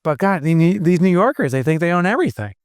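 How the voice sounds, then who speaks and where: A middle-aged man from New Jersey co-hosting a podcast, chatting casually and telling animated stories. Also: high-pitched, fast, clear, resonant tone, no echo, studio quality. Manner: animated storyteller, mimics other people's voices. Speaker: podcast co-host. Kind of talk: casual chat.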